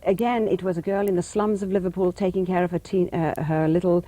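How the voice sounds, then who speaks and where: An actress from England, reminiscing in an interview with fond praise and frequent hesitant fillers. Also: female voice, on the low side, fairly even intonation, fast, mellow. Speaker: actress guest. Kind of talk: interview conversation. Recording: 1991 cable TV studio interview.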